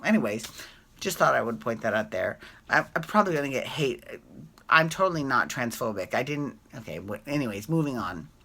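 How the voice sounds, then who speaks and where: Woman, low voice, bright tone, casual vlog recap, rambling, self-correcting. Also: lively intonation, brisk. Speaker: recap vlogger.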